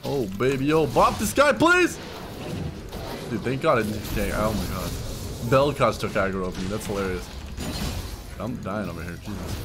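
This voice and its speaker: A young man giving excited, laughing commentary while playing a video game, with loud yelps between mumbled asides. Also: fairly low pitch, normal speed, pauses often. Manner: hyped, yelling bursts and mumbled asides; laughs often. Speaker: streamer. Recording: game music behind voice. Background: game music.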